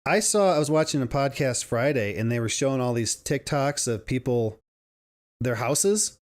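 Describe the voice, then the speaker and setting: A man's voice: medium pitch, expressive, moderate pace, darkish tone. A man co-hosting a casual podcast chat, rambling with frequent restarts and laughs. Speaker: podcast co-host.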